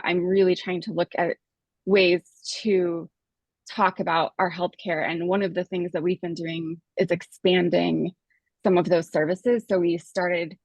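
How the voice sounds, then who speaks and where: A woman's voice: mid-range voice, no echo. A woman talking on a video call while walking on a treadmill, a little out of breath, chatting casually about her work. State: slightly out of breath. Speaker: communications staffer at a health care provider. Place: home with a treadmill.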